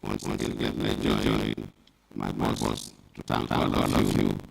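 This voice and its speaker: Halting deep-voiced male speech-giver. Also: level tone, creaky, husky. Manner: halting, repeating words. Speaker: speaker giving thanks at a launch. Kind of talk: formal speech. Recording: noisy event recording.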